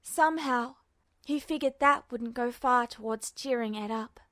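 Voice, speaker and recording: A woman reading a fanfiction story aloud as a podfic, with steady, measured narration. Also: a little high, dry recording. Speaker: podfic reader.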